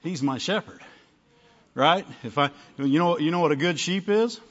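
A male pastor with a fairly high voice delivers a chatty sermon. He checks in with his listeners again and again. The recording sounds dull and lo-fi. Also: moderate pace. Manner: conversational preaching, frequent "amen?" and "right?" to the congregation.

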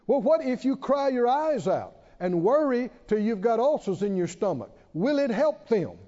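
A man preaching a sermon, emphatic, asking many rhetorical questions and pausing for effect. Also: very high voice, big pitch swings, warm tone. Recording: dull reverberant hall sound.

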